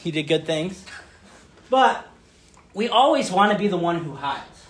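A man in his thirties giving a playful church talk, telling stories with lots of fillers and bursting into loud, excited acted asides. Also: sits high, measured pace. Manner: chatty, many fillers like "um" and "like". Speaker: speaker giving a children's message. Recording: roomy echo.

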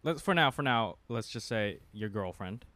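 A man's voice: on the low side, animated, moderate pace, sharp tone. A young man co-hosting a podcast in casual chat, rambling and laughing often. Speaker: podcast co-host.

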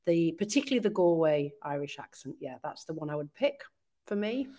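A woman chatting as a podcast guest. She is enthusiastic and laughs easily, with a somewhat low pitch for a woman. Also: expressive, fairly quick, dark tone. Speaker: interview guest. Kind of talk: casual conversational interview.

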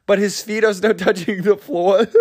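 A man's voice: high voice, steady tone, normal speed, a little mellow. A young man hosting a comedy podcast, rambling through a bit with lots of fillers while overtired. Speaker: podcast host.

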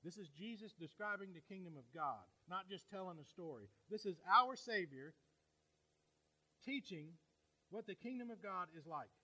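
A man's voice: high-pitched, expressive, normal speed, sharp tone, poor audio. A man preaching a sermon as pastor, retelling a parable in a conversational, folksy way with asides to the congregation.

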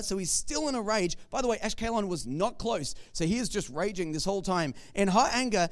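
A male pastor preaching a sermon in a conversational, joking storytelling manner. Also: high-pitched.

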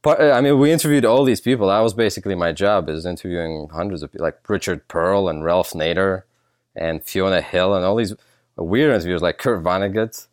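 Low-voiced man telling stories candidly. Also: fairly quick, dry recording, clean studio sound. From Russia. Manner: relaxed, candid storytelling with fillers. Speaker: guest, political science professor. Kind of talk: casual conversational interview.

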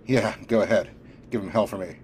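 A man's voice: lowish voice, brisk, a little mellow, slight background noise, lightly acted. Man doing a shaken, shifty street crook. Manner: nervous, stammering.

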